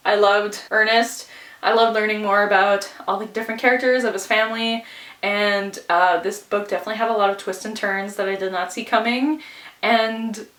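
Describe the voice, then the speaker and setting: A woman's voice: mid-range voice, steady tone, normal speed, fairly bright tone, distant mic. A woman chatting casually on a reading vlog, giggling often and scattering "like" and "anyways" through her talk. She sounds slightly out of breath. Her voice carries a roomy echo and sits a little back from the mic. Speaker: book vlogger.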